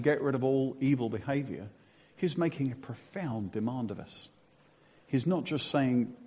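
A man preaches a sermon in a slightly husky voice and asks his listeners questions as he goes. His voice rings with a long church reverb. The recording is dull and lo-fi. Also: medium pitch, darkish tone. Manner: conversational, asks the congregation questions, self-mocking humour. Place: church hall.

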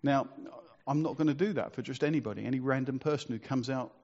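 A man's voice: medium pitch, fast, darkish tone, lo-fi sound. A man preaching a sermon in a conversational, storytelling way, asking rhetorical questions.

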